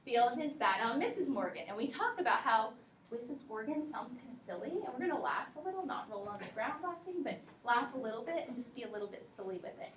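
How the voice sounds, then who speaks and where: A woman teacher giving a workshop presentation to other teachers, talking in a relaxed, practical way and speaking straight to her audience. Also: on the high side, fast talker, slight background noise. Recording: echoey room, mic from a distance.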